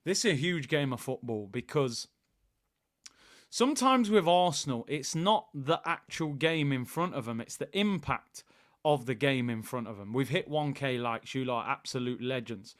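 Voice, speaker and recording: A man hosting a live football watchalong, chatting excitedly with viewers. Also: medium pitch, normal speed. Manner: excitable, hyping up the live chat.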